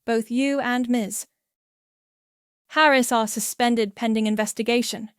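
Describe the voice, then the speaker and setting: A woman voicing a firm male HR officer who makes brisk official announcements in a storybook reading. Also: fairly high pitch, steady tone, clean tone, no echo, clean studio sound, close to an everyday voice.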